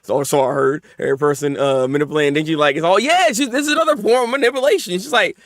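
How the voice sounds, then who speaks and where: A man hosting a live manga reaction, talking in casual slang, often laughing and swinging between mumbled asides and loud excited outbursts. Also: high voice, quick pace, dry recording, clean studio sound.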